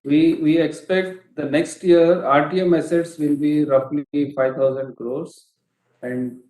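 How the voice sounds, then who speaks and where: A company executive on an earnings call, answering analysts' questions in a measured way, with many filler pauses and self-corrections. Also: male voice, fairly high pitch, steady tone, darkish tone, echoey room, low-quality recording.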